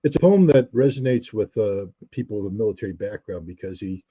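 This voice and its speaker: A man's voice: fairly low pitch, animated, a little fast, warm tone, breathy edge, highs cut off. A man, a guest on an interview show, telling stories reflectively with frequent restarts and fillers. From United States. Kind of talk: conversational storytelling.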